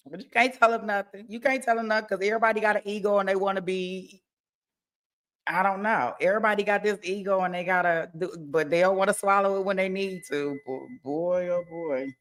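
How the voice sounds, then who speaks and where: A woman with a bright, forceful voice hosts a loose livestream about a court case. She talks in a lively, joking way, breaks into laughs and acts out scenes of tearful testimony. The tone is chatty and unscripted. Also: mid-range voice, brisk. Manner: animated, laughing, acts out mock crying testimony. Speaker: true-crime trial commentary host. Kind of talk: casual livestream commentary.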